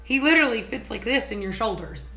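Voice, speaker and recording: An excitable woman chats casually on her vlog, giggling as she tells stories. Her voice sits a little high and rings bright and forceful. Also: quick pace, gravelly. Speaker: homesteading vlogger. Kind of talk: casual chat.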